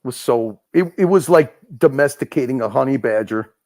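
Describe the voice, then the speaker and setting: Chicago guy, gravelly, lively pitch, swears freely; casual stream regular. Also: normal speed. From Chicago North Side. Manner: animated, swears a lot, stumbling restarts. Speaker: livestream regular. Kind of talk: casual profane banter.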